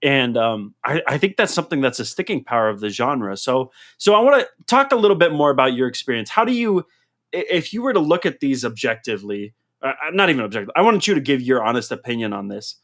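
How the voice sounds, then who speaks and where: Animated man hosting a casual podcast. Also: mid-range voice, quick pace. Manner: animated storyteller, laughs through his own stories. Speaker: podcast host. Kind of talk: casual chat. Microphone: headset mic.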